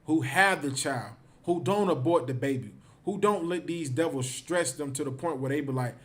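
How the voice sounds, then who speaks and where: Man, fairly high voice, livestream class teacher, emphatic, repeats lines, says "man" a lot. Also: normal speed, hardly any pauses, a bit bright. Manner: emphatic, repeats himself, ends phrases with "man".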